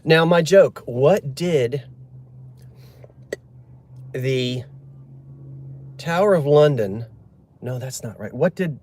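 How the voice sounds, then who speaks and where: A man's voice: medium pitch, slow pace, long pauses, a little mellow. A man chatting casually on a live stream, joking and answering viewer comments. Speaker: livestream host.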